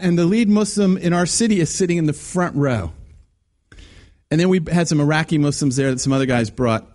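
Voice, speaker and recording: A man preaching a sermon, telling a story in an animated, emphatic way with frequent restarts. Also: fairly high pitch.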